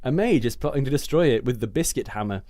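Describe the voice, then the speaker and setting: A man's voice: mid-range voice, expressive, fast talker, dark tone, no echo. A man reading out and joking about comic blurbs in a casual chat, rambling and often laughing. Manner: giggly, rambling, slips into silly accents. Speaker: podcast co-host.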